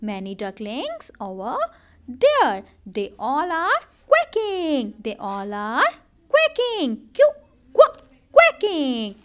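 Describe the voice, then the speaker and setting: A woman's voice: high-pitched, huge pitch swings, slow. A woman reading a nursery story to young kids, stretching out letter sounds in a sing-song way. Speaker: nursery teacher. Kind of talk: online children's lesson.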